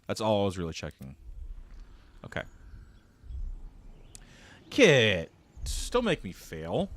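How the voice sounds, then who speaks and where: Lively, joking male game streamer. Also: lowish voice, slow, no room sound. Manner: joking, theatrical, talks to chat. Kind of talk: casual gameplay commentary.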